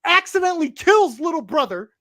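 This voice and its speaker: A man co-hosting a casual podcast, recapping a movie in a rambling, halting way with many restarts. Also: very high voice, big pitch swings, sharp tone, no echo. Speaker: co-host reviewing a movie.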